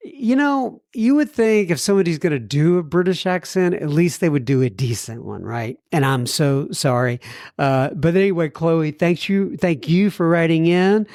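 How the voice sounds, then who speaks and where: A man's voice: fairly high pitch, lively intonation, moderate pace, a little mellow, no echo, studio quality. A man hosting a recovery podcast, reading listener mail in a folksy, self-deprecating way. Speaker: podcast host.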